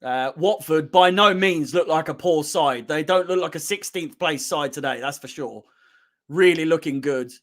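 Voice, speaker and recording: Bright-voiced excitable football fan. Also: male voice, on the high side, moderate pace. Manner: swings from calm analysis to shouting and swearing at players. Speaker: fan channel watch-along host. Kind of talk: excitable fan match commentary.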